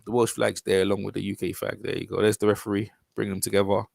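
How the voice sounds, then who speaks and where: Man, London accent, gravelly voice, dry close sound, rambling casual boxing commentary. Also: fairly low pitch, flat delivery, fast, a little mellow, no echo. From London, England. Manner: rambling, informal, with frequent restarts and fillers. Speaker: boxing channel host. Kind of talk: casual commentary over a fight video.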